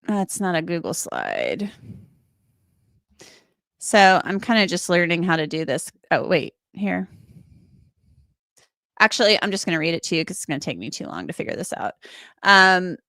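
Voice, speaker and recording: A woman's voice: lowish voice, very animated, moderate pace, creaky, pauses often, pushed and bright, no echo, clean studio sound. A woman giving casual, rambling commentary on a trial, with lots of fillers. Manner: rambling, filler-heavy, chatty. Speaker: legal commentator.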